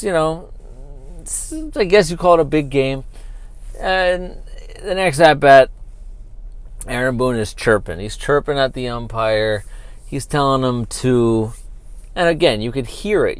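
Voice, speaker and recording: A man talking into his own podcast mic about sports, loose and unscripted. He rambles, circles back and piles on fillers as he riffs. His voice sits at an ordinary middle pitch for a man. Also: moderate pace, smooth, no room sound. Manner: animated, talky, with many fillers and asides. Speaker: podcast host. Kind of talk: casual solo sports podcast rant.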